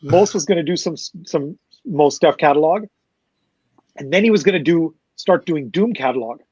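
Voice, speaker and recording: Lively Canadian man telling a story. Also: a little high, normal speed, husky, dry recording. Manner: animated, acts out quoted voices, swears. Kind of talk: casual storytelling on a podcast. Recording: slightly muffled dry recording.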